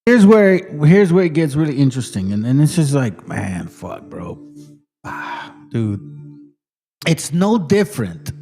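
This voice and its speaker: Late 40s guy ranting on his channel, lively voice jumping around, lots of cursing. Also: mid-range voice, measured pace, faint music behind. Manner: animated, swears a lot, mocks and quotes others. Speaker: channel host reacting to videos. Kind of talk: profane casual commentary.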